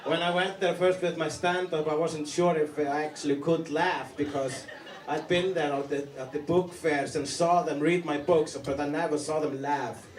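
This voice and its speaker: A man with an Icelandic accent doing a stand-up set, with a deadpan, halting delivery full of restarts. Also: fairly high pitch. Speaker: stand-up comedian. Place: comedy club stage. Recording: roomy live club sound from a distance, loud audience. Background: audience laughter.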